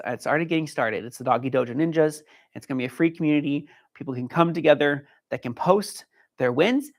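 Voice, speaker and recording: A man's voice: on the high side, gravelly, a bit bright. A man who trains dogs, giving an earnest, encouraging livestream talk from inside his training facility. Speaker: dog trainer. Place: indoor dog training facility.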